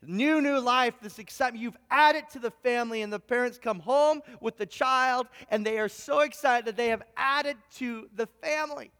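A man's voice: very high-pitched, a bit bright. A man preaching a sermon, telling a long illustrative story with frequent stammered restarts. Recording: reverberant hall sound.

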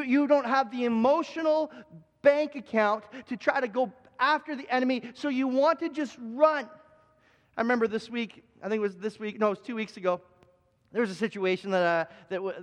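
A male pastor preaching a live sermon, earnest, repeating key phrases for emphasis and often restarting his sentences. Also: very high-pitched. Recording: long reverb of a large hall.

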